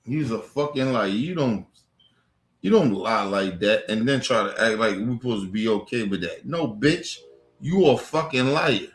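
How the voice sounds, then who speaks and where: A man's voice: expressive, moderate pace. Furious swearing man ranting in an echoey room. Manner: heated, repetitive, swears constantly, rising to near-shouts then dropping low. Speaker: streamer ranting on camera. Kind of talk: angry profane rant.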